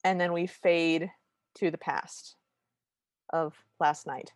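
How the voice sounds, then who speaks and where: A woman with a fairly low voice co-hosts a podcast, picking apart an old cartoon in a chatty, wry and detailed way. The sound is dry and close to the mic. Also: fairly even intonation, takes it slowly, no echo. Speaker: podcast co-host. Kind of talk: casual chat reviewing a cartoon.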